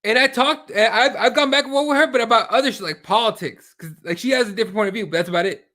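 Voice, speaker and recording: A man co-hosting a casual podcast, talking in a profane, animated way and acting out his online exchanges as little quoted scenes. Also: very high voice, very fast. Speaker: podcast co-host.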